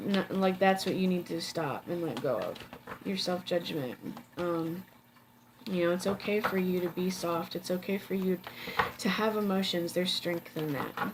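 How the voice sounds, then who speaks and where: A woman's voice: fairly low pitch, moderate pace, background noise. A woman giving a casual tarot reading, blunt and profane, chatty with many fillers. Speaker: tarot reader.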